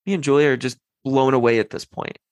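A man's voice: medium pitch, fast, no echo. A man in his thirties hosting a parenting podcast, talking casually and animatedly, telling stories about his kids. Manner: animated, storytelling, quotes his kids in a lighter voice.

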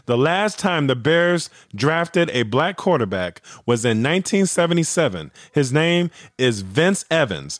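A man hosting his own sports podcast, talking excitedly in a gushing monologue that keeps circling back to the same cheer. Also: mid-range voice, no echo, studio quality. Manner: excitable, gushing, repeats himself. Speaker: podcast host and founder.

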